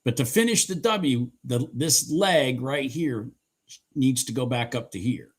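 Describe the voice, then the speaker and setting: A man doing live commentary on his day trades, hoarse and clearing his throat, cheering the chart on and swearing casually. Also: mid-range voice, animated, measured pace.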